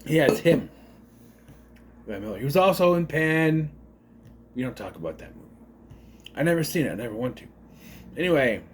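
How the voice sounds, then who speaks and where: A man's voice: a little high, big pitch swings, moderate pace, long pauses, a little hiss or hum. A man giving a casual spoken movie review, rambling with unsure asides and self-corrections.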